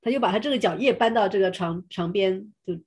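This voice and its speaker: A woman's voice: medium pitch, breathy edge. A woman interprets a sermon live, one phrase at a time. She sometimes hesitates and restarts with fillers while she follows the preacher. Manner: hesitant, fills pauses with 'uh'.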